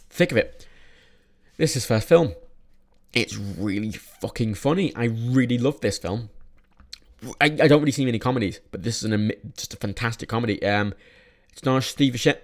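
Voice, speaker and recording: Young guy ranting about movies, lotsa restarts and swearing, lowish voice. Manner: rambling, swears often, frequent restarts. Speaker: film reviewer. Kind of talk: casual movie review vlog.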